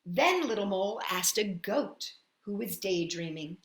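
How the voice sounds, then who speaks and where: Lively woman reading a storybook aloud. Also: mid-range voice, unhurried. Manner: expressive storybook reading with sound effects. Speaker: children's storyteller. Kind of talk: reading a picture book aloud. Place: at home. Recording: echoey room.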